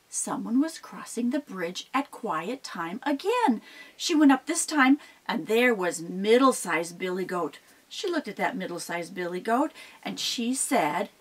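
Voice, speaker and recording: A woman telling a folk tale aloud in an animated, expressive way, with sound effects. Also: mid-range voice, measured pace, husky, poor audio. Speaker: storyteller. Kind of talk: oral storytelling performance.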